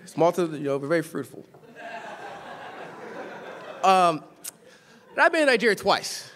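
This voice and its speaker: High-voiced young preacher from Los Angeles. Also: male voice, sing-song, a little slow. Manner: storytelling, swings from quiet asides to shouted exhortation. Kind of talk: sermon. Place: church sanctuary.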